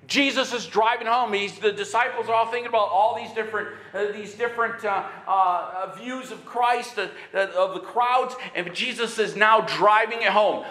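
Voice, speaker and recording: A man preaching a sermon in an animated way, sometimes raising his voice and acting out quick bits of dialogue. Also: high voice, reverberant. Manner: animated preaching with bursts of shouting; acts out dialogue in quick asides. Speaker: pastor.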